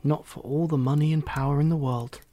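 A man reading a children's story aloud, gently and expressively, doing the characters' voices. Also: on the high side, fairly even intonation, fairly quick, no room sound.

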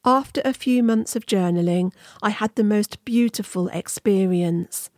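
A middle-aged woman, host of a podcast, narrating her own story in a measured, earnest scripted way. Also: medium pitch, a little mellow, no room sound, studio quality.

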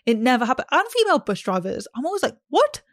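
A woman's voice: on the high side, big pitch swings, very fast, no echo, clean studio sound. A young woman co-hosting a podcast, chatty and teasing in casual talk. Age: young adult. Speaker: podcast co-host. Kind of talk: casual chat.

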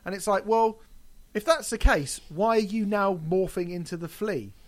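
A man's voice: high voice, normal speed. A man ranting in a casual podcast chat, swearing and breaking into mocking impressions. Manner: ranting, swearing, mock-sings.

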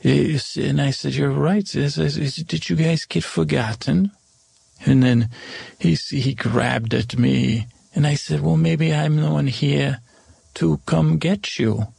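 A man voicing an older stepmother who was cruel in the past, recounting her adventures in a gravelly, husky voice. She rambles and stumbles, correcting herself mid-sentence in an improvised comedy. The sound is dry and close. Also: on the high side, fairly even intonation, darkish tone, no room sound, full character voice. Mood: rambling. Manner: rambling, halting and self-correcting. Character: Agatha, older stepmother, once cruel, now remorseful. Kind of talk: improvised first-person storytelling.

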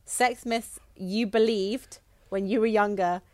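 A woman's voice: medium pitch, fairly even intonation, slow pace, a little mellow, no room sound. A young woman co-hosting a podcast, chatting casually with wry jokes and easy swearing. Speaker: podcast co-host. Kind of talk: casual chat.

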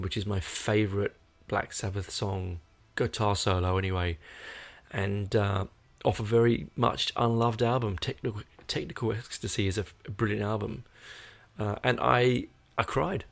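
Aussie male host, tired, rambling and hesitant, low gravelly voice. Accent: Australian. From Australia. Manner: rambling, hesitant, many fillers. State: tired, yawning. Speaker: podcast host. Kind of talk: casual chat to viewers.

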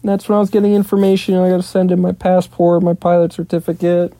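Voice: mid-range voice, monotone, fast, warm tone, no room sound. A young adult podcast host telling a long casual story alone, rambling and profane, with lots of "blah, blah, blah". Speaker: podcast host and pilot in training. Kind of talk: casual solo storytelling monologue.

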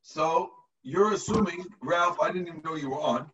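A man's voice: a little high, moderate pace, distant mic, muffled recording, over a noisy crowd. A man, a rabbi, teaching a text to his students over a video call, explaining step by step and checking in with the class.

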